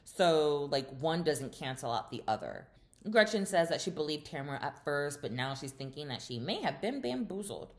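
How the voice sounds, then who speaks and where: A woman's voice: deep voice, sing-song, normal speed. A woman hosting a casual reality TV recap, chatty and opinionated, with lots of fillers and sassy asides.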